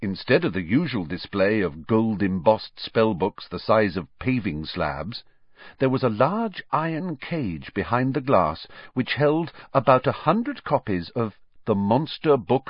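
A man reading a storybook aloud as narrator, measured and expressive. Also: fairly low pitch, breathy edge, dry recording, lo-fi sound. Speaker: audiobook narrator.

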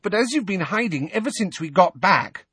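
A man's voice: high voice, expressive, moderate pace, fairly bright tone, husky, no room sound, voice pushed up, full character voice. A man reading an audiobook and voicing a blunt, matter-of-fact teenage girl.

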